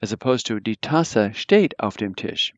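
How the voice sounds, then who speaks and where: Male language teacher, lowish voice, patient, halting explanations, dry, dull audio. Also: lively intonation, no room sound. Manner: explains patiently, with frequent fillers and restarts. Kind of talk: live online grammar lesson.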